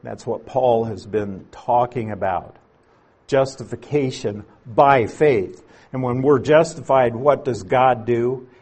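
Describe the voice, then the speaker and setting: A man's voice: mid-range voice, slow, darkish tone. A man teaching through scripture in an expository sermon, patient and explanatory, leaning on key words to drive his points home. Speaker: Bible teacher.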